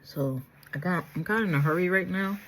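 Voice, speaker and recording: A woman with a husky, damaged voice, talking casually through a makeup tutorial and pushing herself to speak up. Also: fairly low pitch, a little fast, a little hiss or hum. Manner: soft-spoken, pushes herself to speak louder. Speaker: makeup vlogger.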